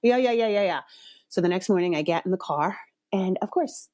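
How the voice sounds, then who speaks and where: A woman's voice: medium pitch, lively intonation, brisk, darkish tone, no echo, clean studio sound. Frank, blunt woman podcast host. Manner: frank and blunt, swears, builds up to exasperation. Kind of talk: casual storytelling monologue.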